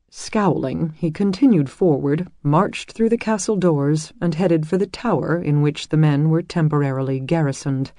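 Brief: mellow narrator, dry close recording, steady scripted audiobook reading. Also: mid-range voice, normal speed, few pauses, no room sound. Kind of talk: scripted narration of a medieval romance.

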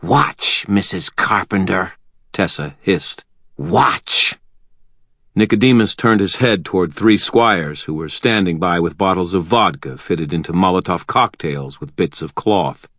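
A man narrating a first-person audiobook in a steady, measured way. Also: low voice, dry recording.

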